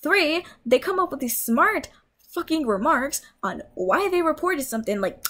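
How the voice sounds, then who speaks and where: High, lively young woman ranting. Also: normal speed. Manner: heated, swearing, scolding. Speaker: vlogger. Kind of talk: angry rant.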